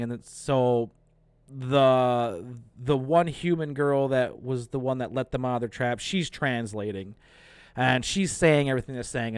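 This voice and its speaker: Man, casual movie recap, animated, profane, incredulous, middle pitch, dry close sound. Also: clean tone, no room sound. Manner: animated, profane, incredulous retelling with quoted lines. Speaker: movie reviewer.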